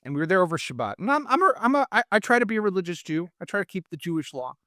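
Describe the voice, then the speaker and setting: A middle-aged man from Israel talks politics in a worked-up, emphatic rush, stumbling over restarts. His voice sits somewhat high. It is recorded close and dry with no room sound. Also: sing-song, very fast, a bit bright, dry recording. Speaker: guest. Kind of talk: heated political discussion.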